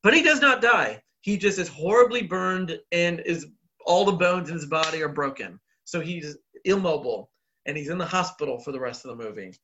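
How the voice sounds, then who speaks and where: A man's voice: a little high, animated, brisk, highs cut off, noisy background. A man co-hosting a podcast, recapping a film in a rambling casual way with frequent laughs and filler words. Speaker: podcast co-host.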